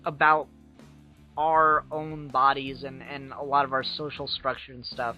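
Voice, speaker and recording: A man's voice: mid-range voice, little pitch movement, unhurried. A man co-hosting a podcast in casual chat, making wry, joking asides. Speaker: podcast co-host. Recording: dull lo-fi podcast audio with faint music.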